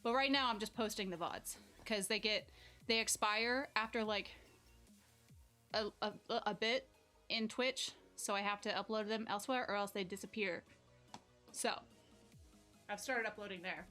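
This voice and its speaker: A woman's voice: mid-range voice, measured pace, long pauses, pushed and bright, faint music behind. A young woman streaming from home on a corded mic, chatting with her viewers and yelping now and then as she juggles and works up a sweat. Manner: chatty, reads chat aloud, bursts into yelps while juggling. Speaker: live streamer. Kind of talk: casual live-stream chat.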